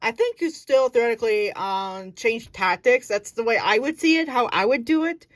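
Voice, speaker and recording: A woman's voice: a little high, expressive, normal speed, no echo. A woman casually explaining her acting technique. She thinks aloud, searches for words and corrects herself as she goes. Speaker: acting student.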